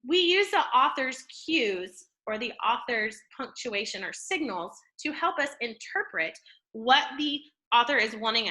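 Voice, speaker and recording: A woman teaching a classroom reading lesson. She explains step by step, checks in often with the class, and uses an expressive tone to show how to read. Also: a little high. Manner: explanatory, checks in with "okay?" and "right?"; expressive, shifts tone to model reading.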